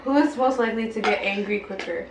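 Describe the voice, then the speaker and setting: A woman's voice: mid-range voice, quick pace. A young woman hosting a casual chat over a meal, giggly and eating as she reads out questions. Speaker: host. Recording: echoey room with background noise.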